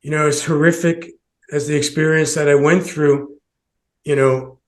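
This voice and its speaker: A man's voice: on the high side, level tone, moderate pace. A man who hosts a podcast, telling a personal story with many restarts and short laughs. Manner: rambling, many restarts, laughs between phrases. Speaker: podcast host.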